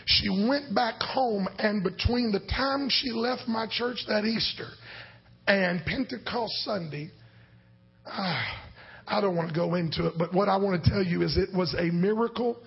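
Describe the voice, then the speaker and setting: A man pastor preaching a sermon as a story, swinging between loud shouted lines and hushed whispers. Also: high voice, normal speed, creaky, husky. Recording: dull lo-fi sound.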